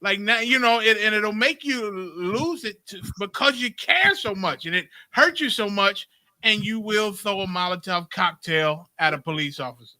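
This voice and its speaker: A man joining a call-in discussion remotely, retelling what he saw in an excited, animated way. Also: high-pitched, normal speed, no room sound.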